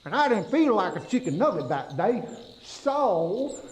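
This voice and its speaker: A man's voice: high-pitched, measured pace. A man playing a goofy, folksy backwoods storyteller with a drawl, telling tall tales to children. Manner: drawling, folksy, animated, talks to kids. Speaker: kids' dental educator.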